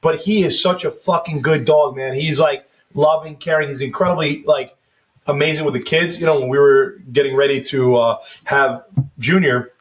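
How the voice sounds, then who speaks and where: With a slightly high voice, fairly even intonation and a moderate pace, this first responder in his thirties hosts a casual podcast full of profane, rambling stories and mock voices. A little background noise can be heard.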